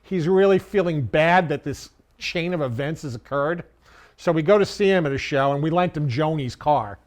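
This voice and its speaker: A man with a slightly raised voice spins a comic story for a podcast, casual and animated. He trips over his restarts as he gets going, then rolls on through the tale. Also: fairly high pitch, normal speed. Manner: animated anecdote teller, stammers on restarts. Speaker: podcast co-host, former journalist.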